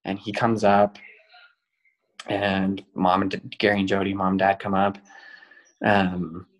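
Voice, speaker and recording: A young man with a low voice tells a personal story on a podcast. He goes into every detail, and fillers run through his telling. His delivery is earnest and unpolished. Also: completely flat delivery, measured pace, low-quality recording. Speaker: guest.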